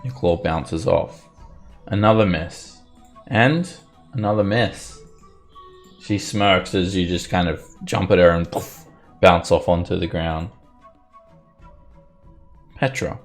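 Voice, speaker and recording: A man narrating combat as game master of a tabletop game, relaxed and descriptive. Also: deep voice, takes it slowly, pauses often, soft background music.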